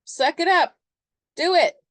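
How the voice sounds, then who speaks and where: A woman's voice: mid-range voice, sing-song, a little fast, dry recording, lightly acted. Woman putting on a brash gung-ho Aries bro. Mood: pushy. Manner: loud, blunt urging. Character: pushy brash Aries sign, gung-ho coach type.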